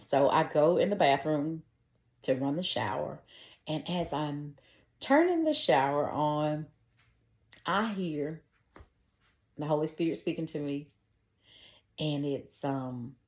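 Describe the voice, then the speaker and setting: A middle-aged woman with a low, deep voice shares her faith testimony in a casual, earnest way, talking directly to her listeners. She sounds like she is in an echoey room. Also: a little mellow. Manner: earnest and conversational, talks straight to her listeners.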